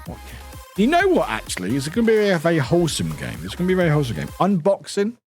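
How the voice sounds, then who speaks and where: A man chatting casually on a live stream. His talk rambles and his pitch swings widely, with offhand swearing and frequent laughter. Faint music sits behind him. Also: huge pitch swings, racing. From United Kingdom. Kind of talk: casual chat while gaming live.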